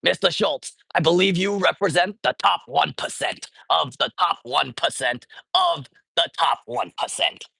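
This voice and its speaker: A man doing an impression of an older male senator, lecturing in a gruff, emphatic tone. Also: a little high, unhurried, few pauses, pushed and bright, no room sound, voice pushed down, heavily acted. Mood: indignant.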